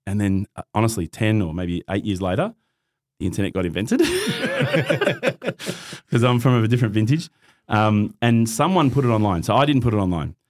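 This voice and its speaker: Animated middle-aged Australian man. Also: lowish voice, normal speed. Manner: animated, acts out quoted voices, laughs often. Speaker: guest. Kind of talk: casual storytelling.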